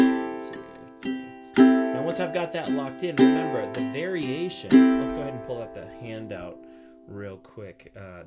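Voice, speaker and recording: Man, ukulele teacher, relaxed explanatory manner, lowish voice, ukulele music in the background. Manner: relaxed, explanatory, frequent fillers. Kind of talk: online music lesson.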